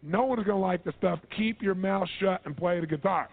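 A man's voice: high-pitched, fairly quick, vocal fry, pitched above the performer's own voice. A man playing a sneering talent agent. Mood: contemptuous. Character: dismissive male talent agents, contemptuous. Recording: tinny phone-like line.

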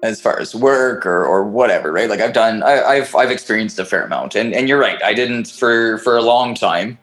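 A man's voice: lowish voice, moderate pace, a bit bright, faint music behind, rough recording. A man, a podcast guest, telling a long personal story in casual chat, rambling with restarts, fillers and the odd swear word.

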